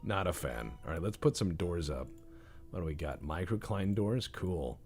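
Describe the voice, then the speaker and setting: A man's voice: low-pitched, expressive, moderate pace, darkish tone, soft background music. A man hosting a let's-play video, chatting casually in a rambling, profane, self-deprecating way. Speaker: gaming channel host.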